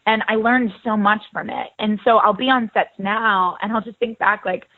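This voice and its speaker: A young woman talks about her acting work in a chatty, upbeat way, laughing easily. Her voice sits at a middling pitch and comes through a tinny, phone-like line. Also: fairly even intonation, moderate pace. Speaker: actress guest. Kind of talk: casual interview.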